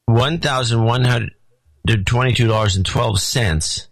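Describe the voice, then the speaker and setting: A man's voice: medium pitch, a little slow, vocal fry, dry recording, low-quality recording. A man co-hosting a podcast in casual chat, reading listener notes aloud with a dry, wry delivery. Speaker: podcast co-host.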